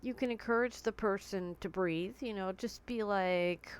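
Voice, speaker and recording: With a smooth, mid-range voice and a measured pace, a woman vlogs from her bedroom using a tablet. Her talk to camera is candid and conversational, sprinkled with vivid comparisons.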